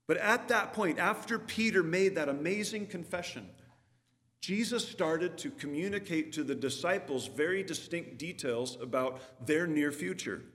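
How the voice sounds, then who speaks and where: A man's voice: on the high side, animated, normal speed, a bit bright, long reverb tail. A man preaching a sermon, talking through scripture in a conversational way and putting questions to his listeners. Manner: conversational, asks the audience questions. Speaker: pastor.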